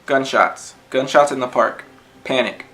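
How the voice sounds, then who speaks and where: A man reciting his own spoken-word poem in an earnest, measured way. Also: mid-range voice, fairly even intonation, pushed and bright, low-quality recording. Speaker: poet, podcast co-host.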